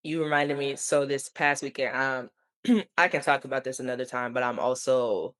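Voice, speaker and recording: Man, podcast co-host, mid-pitched voice, animated storyteller, laughs a lot, video call. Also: moderate pace. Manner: animated, laughs often, squeals when quoting. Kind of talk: casual storytelling.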